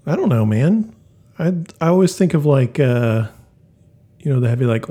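Husky, deadpan male co-host. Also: medium pitch, moderate pace, long pauses. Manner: dry, deadpan quips. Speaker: podcast co-host. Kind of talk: casual banter.

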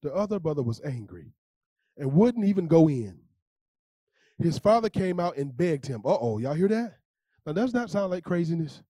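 A male pastor preaching a sermon in a lively, conversational way, repeating phrases and talking straight to the congregation. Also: a little high, a little fast, no echo. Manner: animated, conversational preaching with repetitions.

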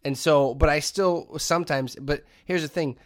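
A man's voice: fairly high pitch, moderate pace, no echo, studio quality. A middle-aged man co-hosting a podcast, telling stories in casual chat and acting out quotes as he goes. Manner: animated storyteller, acts out quotes. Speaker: podcast co-host.

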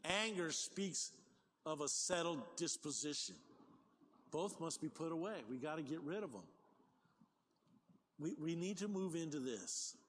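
An older man preaching a sermon as pastor, talking in a conversational, animated way with folksy asides. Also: fairly high pitch, unhurried, long pauses, a little hiss or hum. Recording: long hall reverb, faint ambience.

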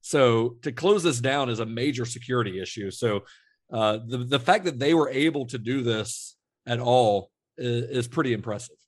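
The speaker is a man co-hosting a podcast, medium in pitch and moderate in pace, on a dry recording. He talks film trivia casually, relaxed and rambling, stopping to restart and dropping in plenty of fillers.

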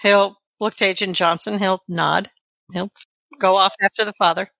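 A woman's voice: mid-range voice, steady tone, moderate pace, creaky, a bit bright, dry recording, highs cut off. A woman narrating a tabletop horror game as game master, describing scenes step by step.

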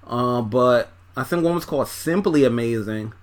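A man's voice: medium pitch, moderate pace. A man casually reviewing an album track by track, loose and profane, with lots of fillers, talking while he folds laundry. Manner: talks while folding laundry. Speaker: music reviewer.

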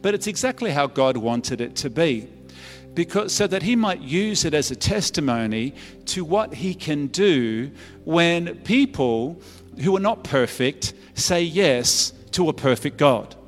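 A man's voice: fairly high pitch, lively intonation, a little slow. A middle-aged Australian man, a pastor giving an earnest sermon testimony in a conversational storytelling way, often restarting his phrases. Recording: echoey church hall with faint music.

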